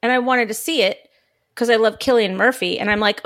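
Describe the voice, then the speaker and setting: A woman's voice: fairly high pitch, a little fast, a bit bright. A woman co-hosting a podcast, chatting enthusiastically and saying "like" often. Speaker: podcast co-host. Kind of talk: casual chat.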